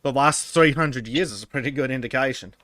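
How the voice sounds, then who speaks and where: A man's voice: mid-range voice, fairly quick, a bit bright, no room sound. A man co-hosting a casual podcast, reading chat comments aloud, laughing often and stumbling over his words.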